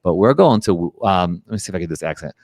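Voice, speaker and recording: A man co-hosting a live online chat show, upbeat and encouraging, with quick asides. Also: sits low, animated, darkish tone, no echo. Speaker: co-host.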